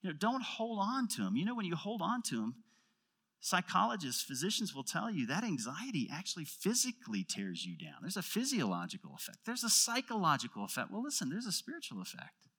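A middle-aged man preaching a sermon as pastor, acting out prayers and dropping to quiet intensity for emphasis. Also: sits high, wildly swooping pitch, a little fast, slightly rough.

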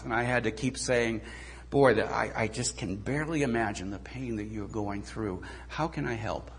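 A middle-aged man, a pastor, preaching a sermon in a relaxed, conversational storytelling manner with touches of self-deprecating humor. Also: mid-range voice.

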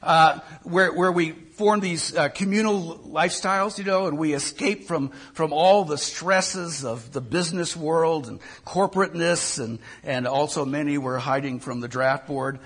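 Older man, pastor, sermon, husky, somewhat high voice, halting conversational delivery. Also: fairly bright tone. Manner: conversational, repeats words while thinking.

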